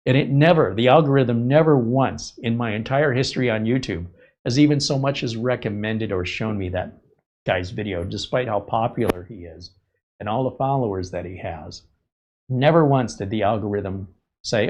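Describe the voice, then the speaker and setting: A man's voice: mid-range voice, moderate pace, muffled recording. Chatty male host telling stories. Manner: chatty, rambling storyteller. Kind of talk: casual live-stream monologue.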